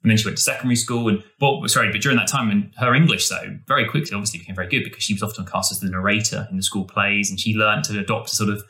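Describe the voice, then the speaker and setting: Man, podcast co-host, quick talker with a bright tone, eager and rambling delivery. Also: lowish voice, steady tone. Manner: enthusiastic, rambling with restarts. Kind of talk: casual podcast chat.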